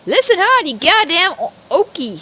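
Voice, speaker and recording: A woman's voice: sits high, big pitch swings, a little slow, pushed and bright, a little hiss or hum, pitched above the performer's own voice, exaggerated voice. A woman voicing a hot-tempered older male farmer with a blustering drawl in a game. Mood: furious.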